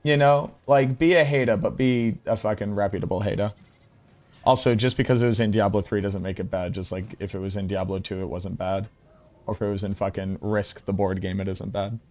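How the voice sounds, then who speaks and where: A man streaming, giving casual commentary in a blunt, excitable way and swearing freely. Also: lowish voice, fairly quick.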